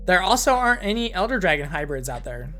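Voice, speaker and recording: A woman's voice: fairly low pitch, very animated, fast, fairly bright tone, faint music behind. A woman casually reading fan fiction aloud on a live stream, breaking off for profane offhand asides.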